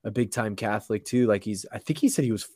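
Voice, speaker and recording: A man's voice: fairly low pitch, fast talker, a little mellow, no echo, clean studio sound. A young man, a podcast guest, telling a story in a casual, slangy way, full of "like" and restarts.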